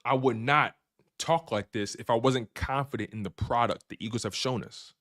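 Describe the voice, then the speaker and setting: A sports show host with a mid-range, slightly bright voice and moderate pace runs an animated fan sports talk livestream. He's hyped and repetitive, trash-talking the rival team.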